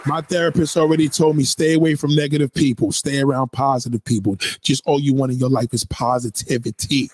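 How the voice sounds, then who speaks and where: A man voicing a brash, profane woman from New nearing sixty, who rants at the viewer in a loud, boastful, rambling comic monologue. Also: mid-range voice, steady tone, fairly quick, few pauses, noisy background, close to an everyday voice. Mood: defiant.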